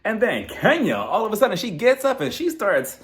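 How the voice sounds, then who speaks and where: A man casually recapping a reality TV episode, gossipy and animated, acting out what the cast said. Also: high-pitched, fairly quick. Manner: animated, gossipy, acts out quotes in voices.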